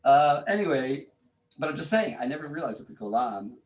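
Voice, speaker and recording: A man teaching a class, arguing his opinions in an animated, informal way with many restarts. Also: mid-range voice, a little fast. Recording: voice from far off in a classroom.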